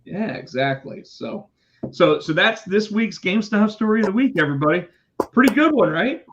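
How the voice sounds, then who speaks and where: A chatty man with a slightly high voice spins a story, animated and foul-mouthed. His pitch jumps around as he acts out the people he quotes. The sound is muffled and lo-fi. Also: moderate pace, noisy background. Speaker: podcast co-host telling a work story. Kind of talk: casual storytelling chat. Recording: dull lo-fi sound.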